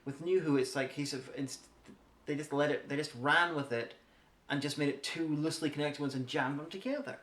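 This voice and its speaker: A man's voice: a little high, brisk, fairly bright tone. A man co-hosting a podcast who talks in rambling, hesitant critique, often restarting his sentences. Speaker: podcast co-host. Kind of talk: casual chat. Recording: echoey room.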